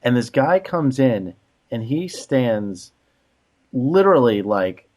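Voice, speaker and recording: A man's voice: mid-range voice, very animated, slow pace, darkish tone. A man co-hosting a casual podcast, telling exasperated stories about rude strangers, full of "like" fillers. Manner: exasperated storytelling, many "like" fillers. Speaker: podcast co-host.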